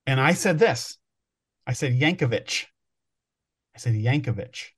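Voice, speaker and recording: A man's voice: medium pitch, lively intonation, moderate pace, slightly rough. A man co-hosting a podcast, telling stories in a rambling, thinking-aloud way during casual chat. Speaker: podcast co-host.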